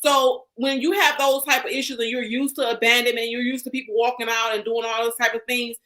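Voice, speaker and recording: A woman giving sassy, preachy opinions in a casual recap chat. Her voice is high and bright. She talks in an animated way. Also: fairly quick. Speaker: co-host.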